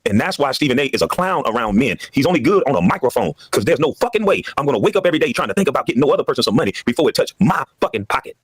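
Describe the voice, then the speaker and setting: A former basketball player in a heated podcast monologue, ranting with emphatic repetition. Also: male voice, medium pitch, big pitch swings, rapid-fire, hardly any pauses, slightly rough, no room sound.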